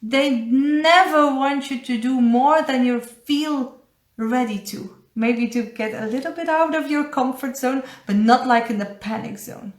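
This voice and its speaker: A woman with a Dutch accent, a spiritual coach giving a casual live card reading, halting and searching for English words. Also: high-pitched. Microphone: phone or webcam on a live stream. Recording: echoey room.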